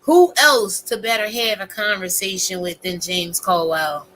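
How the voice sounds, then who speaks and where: A woman giving a casual, profane, animated rant as a YouTube commentator, talking straight to her viewers. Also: mid-range voice, unhurried, a little hiss or hum.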